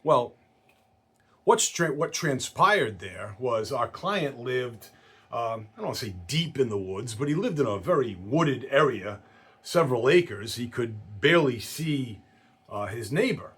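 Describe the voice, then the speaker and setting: Man, husky voice, unhurried, lively pitch, casual storytelling, insurance agent. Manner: animated storyteller who acts out quoted voices.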